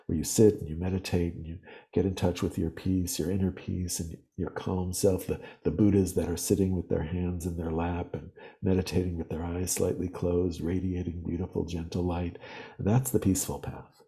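Deep-voiced man explaining calmly. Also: normal speed. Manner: earnest, animated storytelling. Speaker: podcast guest. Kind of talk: reflective interview talk.

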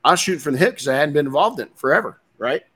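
A man's voice: fairly high pitch, expressive, racing, fairly bright tone. Blunt, plain-spoken man hosting a podcast. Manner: blunt, swears, many restarts. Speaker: podcast host. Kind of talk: casual motivational talk.

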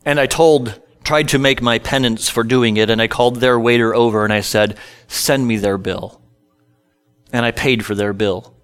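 A man's voice: medium pitch, steady tone, brisk, few pauses, a bit bright, clear, resonant tone. A middle-aged male pastor telling a humorous personal story in a sermon, self-deprecating and conversational.

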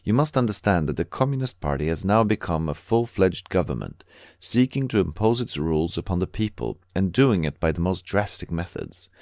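A man's voice: deep voice, expressive, brisk, darkish tone, no echo, clean studio sound. A man voicing an earnest, conspiratorial emigrant bookseller in an audiobook, speaking with grave urgency. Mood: urgent.

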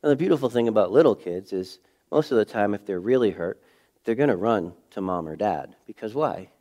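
Low-voiced preaching man. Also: expressive, fairly quick. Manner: conversational preaching, rhetorical questions, swings from loud to hushed. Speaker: pastor. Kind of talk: sermon.

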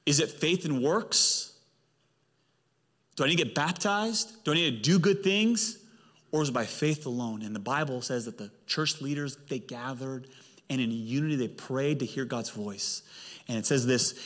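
A male pastor preaching a sermon with emphatic delivery and big swings in pitch. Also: normal speed, a bit bright. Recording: long hall reverb.

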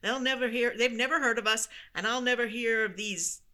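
A woman's voice: on the high side, brisk, pushed and bright. A woman cold-reading the part of a restless, sarcastic young office worker in a stage play, in her own natural voice. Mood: wry. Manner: cold read, plain voice.

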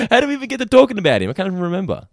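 A man's voice: sits high, huge pitch swings, racing, gravelly, dry recording, clean studio sound. A man co-hosting a podcast in casual chat, easygoing and agreeable, often chuckling. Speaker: podcast co-host.

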